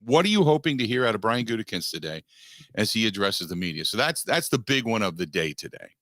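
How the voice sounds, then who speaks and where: A sports radio host, a man, talks through a studio monologue with a bright, forceful voice. The sound is dry and close, with no room around it. He stays animated, slipping into mocking quoted asides. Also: lowish voice, fast, dry recording. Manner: animated, mock-quoting others in asides.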